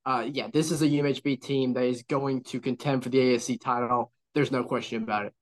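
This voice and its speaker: A man co-hosting a college football podcast, talking in a measured, analytical way with lots of "you know" and "right?". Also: medium pitch, steady tone. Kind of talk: casual sports analysis chat.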